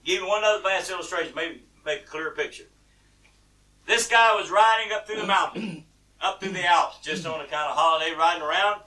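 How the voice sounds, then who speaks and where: Brief: animated male preacher, sharp bright tone, telling stories from the pulpit. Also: high voice, brisk. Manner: folksy, animated, laughing at his own story. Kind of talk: sermon storytelling. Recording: distant mic.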